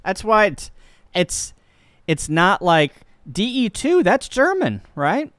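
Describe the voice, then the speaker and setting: A man from Missouri, a ham radio operator, chatting casually and joking on a live stream while he works the radio and thinks out loud. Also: high voice, big pitch swings, slow, no room sound, studio quality. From Missouri, USA.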